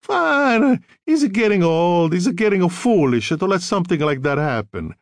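Man doing an old Italian mamma, heavy Italian accent, high and lively, bossy, warm-hearted, broken English, dry close sound. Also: slow pace, dry recording, full character voice. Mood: firm. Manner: scolding and emphatic. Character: stout older Italian mother, fierce, bossy, warm-hearted. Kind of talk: audiobook narration.

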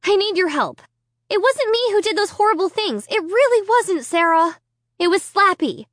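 A woman's voice: extremely high pitch, animated, normal speed, fairly bright tone, no room sound, studio quality, pitched above the performer's own voice. Woman doing a frightened pleading girl. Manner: sputtering, desperate.

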